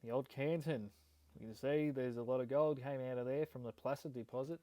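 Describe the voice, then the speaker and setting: A man's voice: mid-range voice, steady tone, fairly quick, warm tone, dry recording, poor audio. An Australian man hosting a gold prospecting vlog, reading an old letter aloud in a casual, hesitant way with many ums and restarts.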